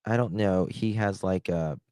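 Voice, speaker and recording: A man hosting a casual live stream, rambling and hesitant, warmly thanking chat. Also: low voice, a little slow, no room sound. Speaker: livestream host.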